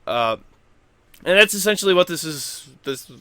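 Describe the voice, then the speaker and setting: A goofy, animated man rambles through casual gaming news commentary, his voice swinging from hushed to loud. The tone is bright and forceful, slightly high for a man, and the sound is dry and close. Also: moderate pace, clean tone, dry recording. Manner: goofy, self-deprecating. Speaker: YouTube gaming news host.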